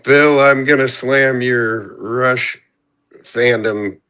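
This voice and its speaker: A man's voice: mid-range voice, fairly even intonation, extremely slow, sharp tone, smooth. A man in a casual chat, insistently arguing his point.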